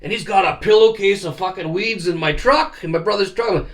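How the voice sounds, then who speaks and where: A middle-aged man telling stories casually on a vlog, cursing freely and growing animated. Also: sits high, brisk. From Canada. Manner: profane, animated storyteller. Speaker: vlogger. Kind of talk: casual storytelling.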